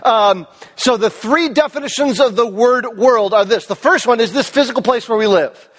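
High-voiced preacher with a cracking voice. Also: male voice, moderate pace. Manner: earnest, emphatic, asks the congregation questions. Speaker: pastor. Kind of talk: sermon. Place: church service hall. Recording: long reverb of a large hall.

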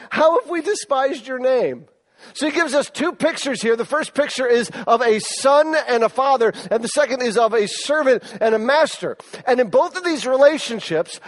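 A middle-aged male pastor preaching a sermon, telling stories in an animated way and rising in force for emphasis. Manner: animated storytelling, rises in pitch and force for emphasis.

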